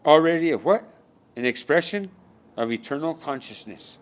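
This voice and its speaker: Animated and on the high side, this man's voice moves at a moderate pace. He delivers a wandering spiritual monologue, cursing often and firing off rhetorical questions he keeps repeating.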